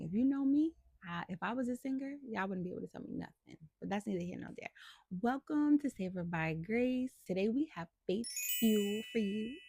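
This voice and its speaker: Woman, devotional host, lowish gravelly voice, husky, playful, encouraging, dry close sound. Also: dark tone, no room sound. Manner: chatty, playful and encouraging, addresses listeners directly. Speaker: host of a faith devotional channel. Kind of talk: casual Bible devotional talk.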